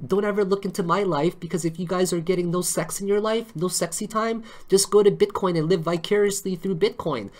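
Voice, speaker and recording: A man's voice: high voice, steady tone, a little fast, hardly any pauses, darkish tone. A man hosting a live stream on crypto charts, chatty and joking, always checking in with tag questions.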